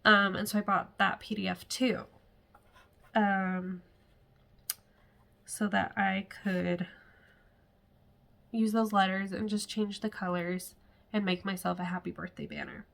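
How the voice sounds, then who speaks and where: A woman's voice: mid-range voice, level tone, takes it slowly, vocal fry, long pauses, a bit bright. A woman chatting casually to camera at home as a cross-stitch vlogger, rambling with frequent laughs and asides.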